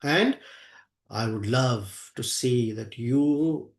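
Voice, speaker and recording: Slow, echoey spiritual storyteller man. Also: medium pitch. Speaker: spiritual teacher. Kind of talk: devotional scripture storytelling lecture.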